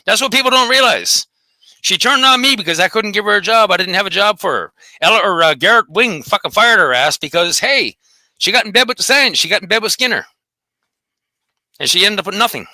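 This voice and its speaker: Host: man, high bright voice, rapid profane rant, dry close mic. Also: expressive, dry recording. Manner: profane, combative, taunting. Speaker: host of a dog behavior channel. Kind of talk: angry solo rant.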